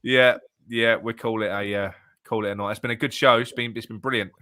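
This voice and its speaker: A man's voice: on the low side, steady tone, brisk, bright, forceful tone, dry recording. A man with a Cockney accent, co-hosting casual chat in a brash, swearing, laughing way. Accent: London Cockney. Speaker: co-host.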